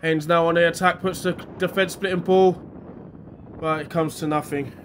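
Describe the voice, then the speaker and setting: A man from England, a bit under the weather, doing excitable live commentary on an amateur football match outdoors. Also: a little high, normal speed, slight background noise. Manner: excitable, shouting at chances, then quiet and matter-of-fact. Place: outdoors at a grassroots pitch.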